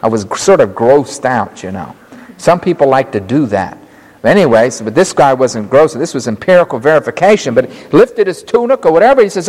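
Male pastor, emphatic sermon delivery, lively swooping pitch, long hall reverb. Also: fairly quick. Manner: emphatic, animated Bible exposition.

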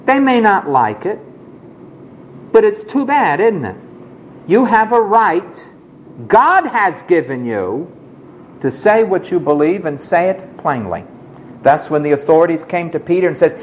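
Man, preacher, sermon, emphatic, lively pitch, dramatic storytelling. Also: measured pace, pauses often, a little hiss or hum, poor audio. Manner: emphatic, dramatic retelling with acted quotes.

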